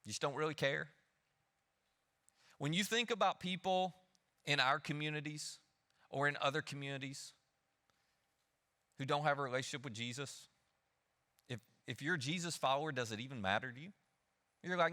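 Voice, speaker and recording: A man preaching a sermon, lively, acting out the people he quotes. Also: fairly high pitch, moderate pace, long pauses. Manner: animated, acts out the people he quotes. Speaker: pastor. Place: church hall. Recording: long hall reverb.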